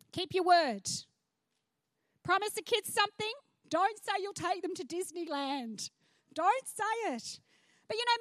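Aussie woman pastor preaching, really high voice, dry close sound, chatty with side comments. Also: fairly bright tone, dry recording. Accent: Australian. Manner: chatty preacher with frank asides. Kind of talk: sermon. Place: church stage.

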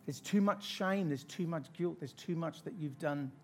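Australian male preacher, slightly higher voice, animated storyteller. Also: normal speed, soft background music. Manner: animated storyteller, laughing through the tale. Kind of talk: sermon with a personal story.

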